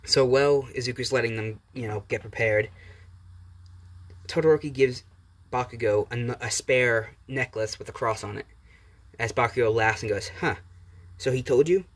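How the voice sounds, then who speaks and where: A man makes up a fan-fiction story as he goes, telling it in a loose, rambling way. His voice is an ordinary mid pitch, and it sounds like a casual storytelling channel. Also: fairly even intonation, moderate pace, a bit bright. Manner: rambling, with fillers and restarts. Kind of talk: improvised fan-fiction narration.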